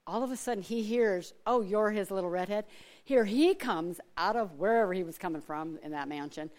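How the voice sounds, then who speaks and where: This church speaker, a middle-aged Alaskan woman, talks a little fast in a medium-pitched, darkish voice. Her chatty sermon is packed with personal stories, frequent laughter, and impressions of other people.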